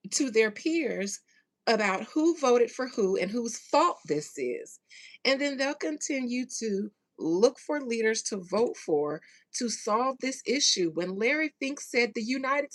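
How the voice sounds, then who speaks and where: A woman's voice: a little high, very animated. A woman host giving a casual commentary rant to her viewers, sarcastic and slangy, leaning hard on key words. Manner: emphatic, sarcastic, drawn-out stresses on key words; loose slangy speech with mild profanity. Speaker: channel host.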